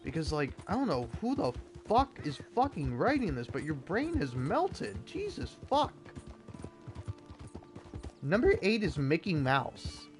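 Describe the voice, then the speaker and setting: A man's voice: a little high, wildly swooping pitch, a little slow, faint music behind. A young man giving a sarcastic, profane rant while reading an article aloud. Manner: profane, sarcastic, exasperated ranting. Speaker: gaming video creator. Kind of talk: ranting commentary reading an article.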